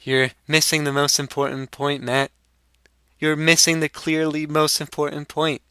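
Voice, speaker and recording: A man doing a cocky young stoner who drawls out crude trash talk, high and slow. The tone is piercingly bright and smooth. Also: completely flat delivery, no room sound. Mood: smug.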